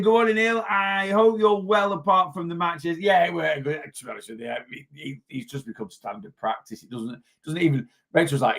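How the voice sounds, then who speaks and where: A middle-aged Lancashire man talks through a weight loss live stream in a rambling, chatty way, full of asides and restarts. His voice sits a little high for a man. He greets viewers one by one and gives everyday diet tips. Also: a bit bright. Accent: Lancashire English. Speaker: weight loss livestream host. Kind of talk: casual livestream chat.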